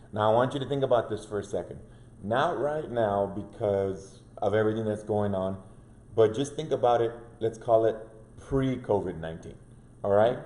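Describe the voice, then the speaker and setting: A man's voice: on the low side, mellow, reverberant. A man co-hosting a casual devotional chat, earnest and fond of rhetorical questions. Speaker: co-host.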